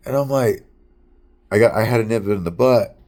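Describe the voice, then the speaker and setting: A man's voice: on the low side, moderate pace, a little mellow. A man telling a casual, rambling story in a monologue, repeating words often and swearing as he talks.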